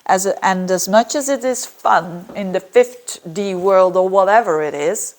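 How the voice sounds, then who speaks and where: A woman from Belgium, an astrologer, giving a casual monthly horoscope talk in a chatty, digressive way with lively ups and downs. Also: mid-range voice, measured pace.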